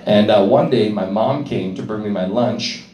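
A man's voice: fairly low pitch, moderate pace, dark tone, roomy sound, far from the mic. A man doing stand-up comedy in a club, working the crowd and telling a rowdy, profane story. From Canada.

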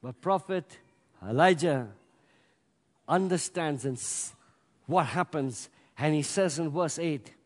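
A man preaching a sermon with emphatic delivery that swells to loud peaks. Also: fairly high pitch, slow, long pauses. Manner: emphatic, rising to loud peaks, acts out scripture voices. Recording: long hall reverb.

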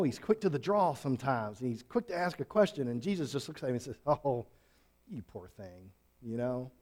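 A man delivers a conversational Bible teaching in a folksy, rambling way. His voice sits a little high but sounds mellow and warm. He often restarts his sentences and adds asides. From Switzerland. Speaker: pastor.

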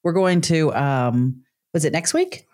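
A woman's voice: low voice, a little slow, darkish tone. An older woman co-hosting a casual podcast, teasing and blunt with her husband. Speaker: podcast co-host.

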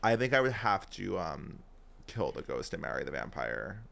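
A man's voice: sits low, sing-song, creaky, a bit bright. A man co-hosting a podcast, chatting casually in a playful, teasing way. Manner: playful and teasing, quick asides. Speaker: podcast co-host. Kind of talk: casual comedic chat.

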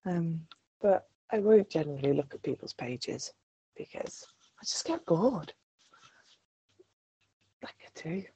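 A woman's voice: low voice, lively intonation, slow pace, long pauses, mellow, husky, no echo. A woman rambling hesitantly in casual podcast chat, with many fillers. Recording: dry, muffled lo-fi audio.

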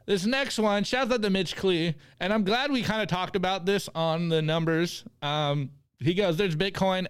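A man co-hosting a casual podcast, upbeat as he reads out memes and gives shout-outs. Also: on the high side, clean tone, no room sound. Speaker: co-host presenting the meme segment.

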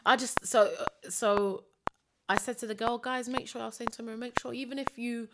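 A woman co-hosting a podcast, telling stories in a casual, emotional and animated way. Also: a little high, normal speed, heavy background noise. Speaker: podcast co-host. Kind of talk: casual chat.

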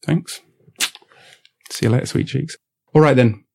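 A man's voice: mid-range voice, measured pace, gravelly, darkish tone. A man in a comedy sketch who sounds fed up and sarcastic. He rambles, stammers and restarts as his complaints pile up. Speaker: podcast host in a sketch.

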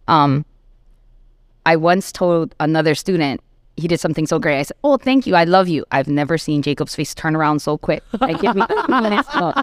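A woman teacher chatting casually on a podcast, telling stories in an animated way with lots of "like". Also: low-pitched, moderate pace, no room sound. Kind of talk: casual chat.

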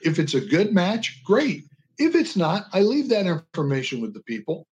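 An older man speaks as a radio guest, with a voice pitched a little high for a man. He tells stories earnestly and passionately, pushing his intonation up and down for emphasis. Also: sing-song, moderate pace, darkish tone. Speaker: guest, veteran advocate. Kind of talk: storytelling radio interview. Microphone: radio call-in line.

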